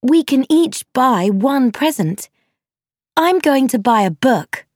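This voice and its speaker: A woman reading a storybook, voicing a loud, bold teenage girl with a brash, lively manner. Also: high-pitched, takes it slowly, no room sound, clean studio sound, voice pushed up, heavily acted.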